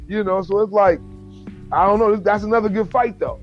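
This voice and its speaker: A man in casual chat about fights, animated and profane, often acting out quotes. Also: high voice, moderate pace, lo-fi sound, faint music behind.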